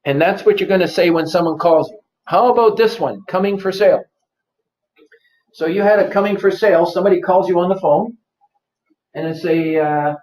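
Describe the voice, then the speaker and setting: High-voiced male seminar presenter, coaxing, repeats key points, recorded far off in a roomy space. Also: normal speed, darkish tone, slight background noise. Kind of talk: live workshop lecture. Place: office seminar room. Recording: roomy, distant, dull lo-fi.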